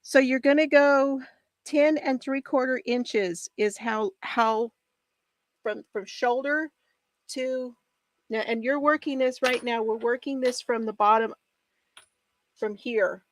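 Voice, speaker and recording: An excitable woman chats through a knitting tutorial, bubbly and quick to laugh. Her voice sits on the higher side. The sound is dry and close, with no room echo. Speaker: knitting video host. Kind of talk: casual crafting chat.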